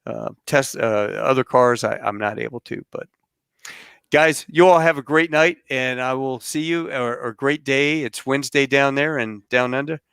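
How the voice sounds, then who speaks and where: Smooth-voiced man telling a rambling story. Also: mid-range voice, moderate pace, no room sound, clean studio sound. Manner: rambling, animated storyteller with fillers. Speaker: podcast host. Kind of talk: casual interview sign-off and storytelling.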